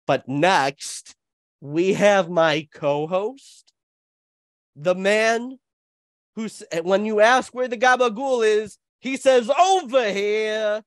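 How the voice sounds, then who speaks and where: A man hosting a comedy podcast with theatrical, drawn-out announcer introductions. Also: high voice, no room sound, studio quality. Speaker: host.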